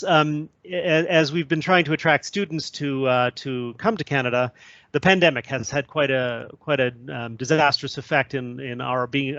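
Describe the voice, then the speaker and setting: A man's voice: medium pitch, fairly bright tone, dry recording. A male trade commissioner giving a webinar presentation, hesitant with many fillers. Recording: dull lo-fi audio.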